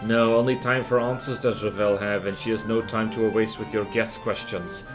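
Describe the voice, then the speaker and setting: A man's voice: fairly low pitch, steady tone, moderate pace, over music, natural voice. A man voicing an ancient, cryptic hag in a put-on Scottish accent, speaking in riddles with twisted word order. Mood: riddling. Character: ancient cackling hag crone, cryptic and possessive.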